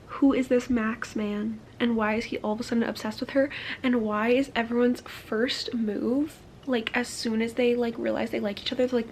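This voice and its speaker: A young woman chats excitedly to the camera while lying down to read at home, her voice sitting a little high. She gushes and reacts loudly, then drops into hushed whispers over the pages. A faint hiss of room noise sits under her. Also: normal speed. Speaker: book vlogger. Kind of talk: casual reading vlog.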